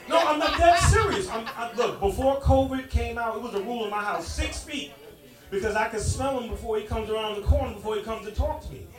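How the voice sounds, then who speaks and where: A middle-aged man performing a stand-up comedy set, punchy and loud, teasing the audience. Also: extremely high pitch, fairly quick. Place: stage in a club with a live audience. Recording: echoey club, distant mic, crowd noise. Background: audience laughing and clapping.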